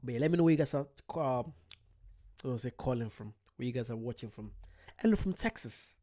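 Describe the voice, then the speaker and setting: Speaking fast in a mellow, medium-pitched voice, this channel host from the United Kingdom is running his first live stream. It's late at night at home, and he keeps things casual, calling out viewers by name.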